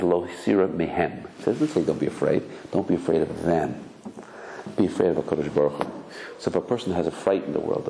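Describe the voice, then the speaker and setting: Fast-talking, low-voiced rabbi. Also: male voice, warm tone, slight background noise, poor audio. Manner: mixes Hebrew terms, acts out quoted voices. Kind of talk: Torah lecture.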